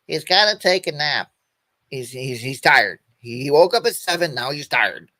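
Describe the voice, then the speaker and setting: A man's voice: medium pitch, animated, moderate pace, pushed and bright, no room sound. Rambling folksy man in his fifties, dry sound. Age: 50s. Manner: rambling, folksy, addresses viewers by name. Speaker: host of a weekend motorcycle chat stream. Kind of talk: casual livestream chat.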